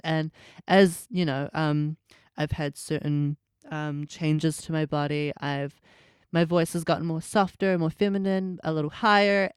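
Smooth-voiced chatty woman musician. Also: sits low, a little mellow, no room sound, clean studio sound. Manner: chatty, many fillers and restarts. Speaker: musician guest. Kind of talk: casual interview chat.

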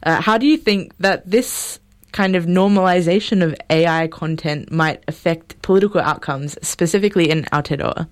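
Smooth-voiced New interviewer. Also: medium pitch, moderate pace. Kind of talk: prepared interview questions.

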